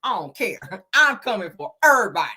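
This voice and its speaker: A woman hosting a casual gossip commentary show, animated and laughing as she talks. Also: a little high, fast talker, breathy edge. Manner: animated, laughing, sprinkles "honey" and "child". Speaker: gossip channel host.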